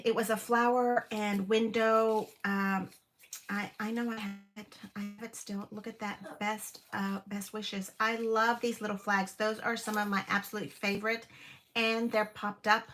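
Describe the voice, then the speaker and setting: Streaming live from home, this fifties-aged craft host speaks at medium pitch in a flat, measured way with a slightly bright quality. She gushes about each item, exclaims a lot and fills her chat with fillers, while a little hiss or hum sits in the recording.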